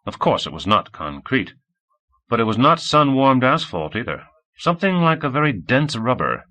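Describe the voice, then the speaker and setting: A man reading an audiobook in a measured storytelling manner. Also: medium pitch, very animated, sharp tone. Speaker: audiobook reader. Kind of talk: audiobook narration.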